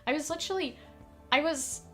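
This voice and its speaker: A woman with a high, slightly quick voice streams a puzzle game over soft background music. She isn't a native English speaker, and she chats and rambles casually, full of fillers, laughter and offhand swearing.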